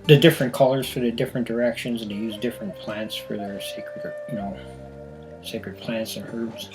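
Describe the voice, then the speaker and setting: A man speaks at a middle pitch in a calm, reflective interview. He tells personal stories without hurrying, circling back on his own words as he thinks. Guitar music plays clearly under his voice. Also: rough recording. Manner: unhurried, thoughtful, repeats himself. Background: guitar music clearly heard.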